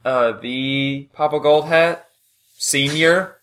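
A man's voice: on the high side, fairly even intonation, takes it slowly, fairly bright tone. Playful man joking at a game table. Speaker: player. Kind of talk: tabletop role-play.

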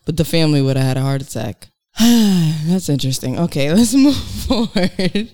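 A woman's voice: low-pitched, a little slow, no room sound, clean studio sound. A woman co-hosting a casual podcast, teasing and laughing as she tells stories. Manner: laughing, teasing, animated storytelling. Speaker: podcast co-host. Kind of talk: casual chat.

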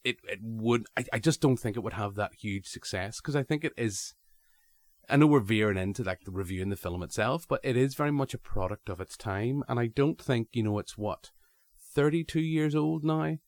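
A man's voice: medium pitch, moderate pace, no echo. A man hosting a podcast, chatting casually and animatedly, with frequent restarts. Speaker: podcast host.

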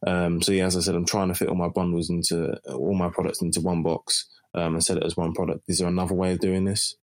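A man's voice: sits low, flat delivery, fast talker. A man from London with a London accent asking a recorded question in a hesitant way, with many "um"s. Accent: London English. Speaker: caller.

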